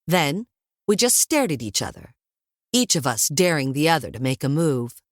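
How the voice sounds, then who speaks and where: A woman narrating a first-person audiobook in a wry, lively storytelling manner. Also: sits low, normal speed, no echo, studio quality.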